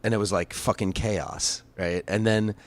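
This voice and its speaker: A man's voice: fairly low pitch, steady tone, unhurried. A middle-aged man, a podcast guest, chatting casually with rambling, profane stories in a closed bar. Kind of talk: casual storytelling chat. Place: closed bar, seated at table.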